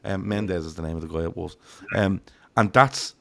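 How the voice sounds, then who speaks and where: Irish male podcast host, low gravelly voice, rambling, sweary, chatty football talk. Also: moderate pace, bright, forceful tone, a little hiss or hum. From Ireland. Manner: rambling, swears freely, acts out quotes. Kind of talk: casual football chat.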